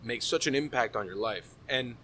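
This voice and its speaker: A man in his thirties hosting a podcast, reminiscing in a relaxed, easygoing way. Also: medium pitch, moderate pace, a crowd in the background, poor audio. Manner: relaxed, reminiscing, laughs easily. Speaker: podcast host. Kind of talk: casual conversation.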